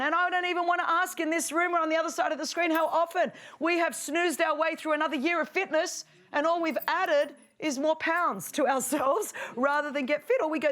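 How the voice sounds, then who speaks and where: High, lively woman preaching. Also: fairly quick. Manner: animated, playful, acts out voices. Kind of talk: sermon. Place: stage before a live audience.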